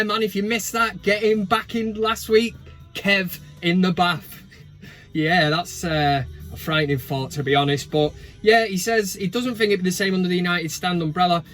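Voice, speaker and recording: A man's voice: high voice, a bit bright. A man hosting a casual football chat vlog, full of jokey banter and swearing. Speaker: host.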